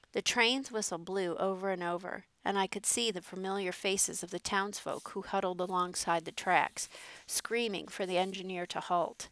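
Smooth, dry-voiced woman reading a story. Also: lowish voice, fairly bright tone, dry recording. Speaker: narrator. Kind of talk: storybook narration.

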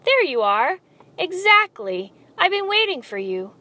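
A woman voicing a sly, smooth-talking male rat villain in a storybook reading, with a silky, theatrical delivery. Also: on the high side, animated, a little slow, a bit bright. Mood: scheming. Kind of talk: storybook read-aloud.

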